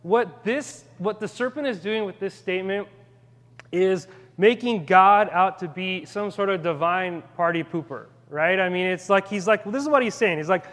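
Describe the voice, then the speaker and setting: A man's voice: sits high, normal speed, fairly bright tone, long reverb tail. A man preaching a sermon in a casual, conversational way, with rambling asides and frequent restarts. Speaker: pastor.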